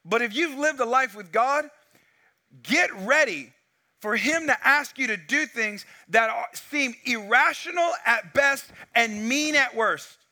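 A man's voice: very high-pitched, unhurried. A man preaching a sermon, telling a story with lots of acted-out dialogue, on a wireless mic. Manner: animated storytelling, acts out dialogue. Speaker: pastor.

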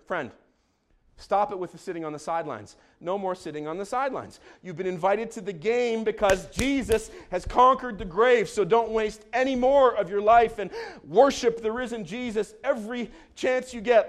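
A high-voiced man preaching with exuberant energy, breaking into shouted calls and dropping in joking asides. He sounds like a pastor delivering a lively sermon, his voice pitched noticeably above most men's. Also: moderate pace.

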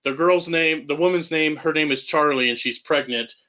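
Casting note: sarcastic male co-host, bright voice, muffled lo-fi sound. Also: fairly high pitch, moderate pace. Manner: sarcastic, riffing jokes. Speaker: podcast co-host. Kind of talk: casual movie-review chat.

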